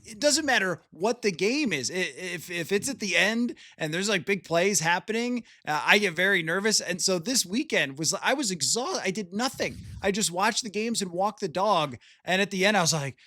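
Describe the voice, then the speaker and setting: A man's voice: high-pitched, animated, normal speed, hardly any pauses, bright, forceful tone, dry recording, studio quality. A man hosting a casual sports podcast, talking chattily with frequent laughs and restarts.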